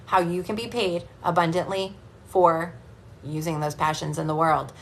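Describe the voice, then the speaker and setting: A woman coach speaks in a fairly low voice, pitching her program with blunt, energetic tough love. Her delivery is direct and motivational, like a live stream to followers. A faint background hiss sits under the voice. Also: unhurried, creaky. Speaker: business and spiritual coach.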